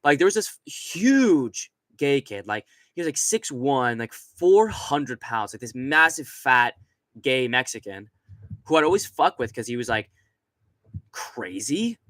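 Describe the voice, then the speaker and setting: Young guy streaming, crude rambling chat, bright sharp voice, super dry sound. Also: medium pitch, very animated, a little slow, dry recording. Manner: crude, rambling, laughs often; reads out chat messages. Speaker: streamer host. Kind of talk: casual live-stream chat.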